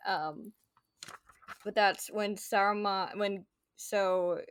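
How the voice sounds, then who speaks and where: A woman's voice: mid-range voice, steady tone, drawn-out words, slight background noise. A woman hosting a podcast, chatting casually about a book and reading passages aloud, with many filler words. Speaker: podcast host.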